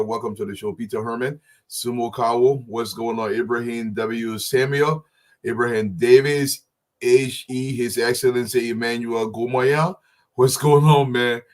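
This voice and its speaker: A man co-hosting a live talk show, calling out viewers' names with casual friendly slang. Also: mid-range voice. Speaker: show co-host.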